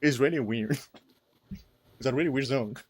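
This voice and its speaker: A man's voice: medium pitch, moderate pace, slightly rough, no room sound. A young man co-hosting a casual podcast chat, rambling with lots of fillers and frequent giggles. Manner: rambling, giggly, heavy use of "like". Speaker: podcast co-host.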